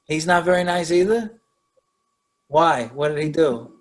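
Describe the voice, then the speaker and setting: A man's voice: on the high side, a little slow. A man hosting a podcast, joking with his guest and egging her on. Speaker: podcast host. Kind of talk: casual interview chat.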